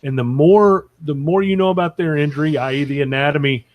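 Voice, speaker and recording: A man's voice: fairly high pitch, fairly even intonation, a little fast, lo-fi sound. A man co-hosting a sports medicine podcast, giving frank, emphatic opinions in casual panel talk.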